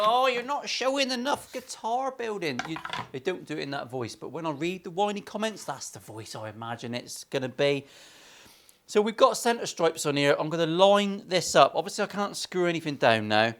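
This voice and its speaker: A man's voice: a little high, very animated, brisk, fairly bright tone. A man with an English accent, talking through a guitar build in his workshop with crude jokes and a lot of swearing. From England. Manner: crude, swearing, joking asides. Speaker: luthier. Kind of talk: workshop vlog banter.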